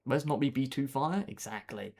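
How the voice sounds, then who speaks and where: A man's voice: mid-range voice, normal speed, a little mellow. A young man streaming a game live, joking, bragging and chatting back to his viewers in a casual way. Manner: joking, boastful, answering chat. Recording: clear background noise.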